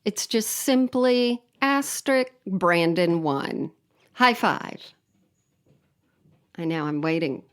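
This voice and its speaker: A woman co-hosting a podcast in casual chat, joking in a wry, deadpan way. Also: fairly low pitch, slow, hardly any pauses, smooth. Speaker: podcast co-host.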